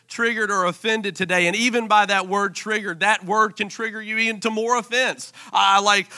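A male pastor preaching a sermon in a playful, animated way, with joking asides. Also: high-pitched.

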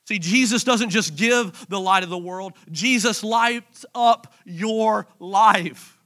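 A man in his thirties preaching a sermon in church, impassioned, dropping to a hush and then rising to emphatic lines. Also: sits high, takes it slowly. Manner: impassioned, swinging from hushed to emphatic. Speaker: pastor.

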